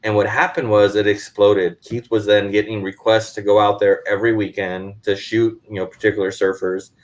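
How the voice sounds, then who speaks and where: A man's voice: lowish voice, moderate pace, low-quality recording. A man being interviewed about his photography work, telling stories and acting out what others said. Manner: animated storyteller, acts out quoted voices. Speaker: guest photographer. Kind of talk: casual storytelling interview.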